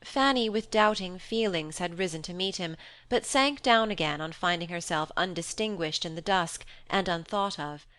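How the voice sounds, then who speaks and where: Smooth, low-voiced woman narrator. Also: normal speed, a bit bright, no room sound. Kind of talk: scripted audiobook narration.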